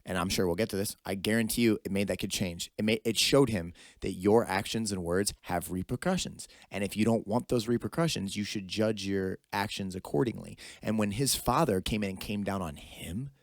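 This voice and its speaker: A man's voice: fairly low pitch, a little fast, few pauses, dry recording, clean studio sound. A man hosting a podcast, giving emphatic, opinionated commentary in casual talk. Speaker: podcast host. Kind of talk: casual conversation.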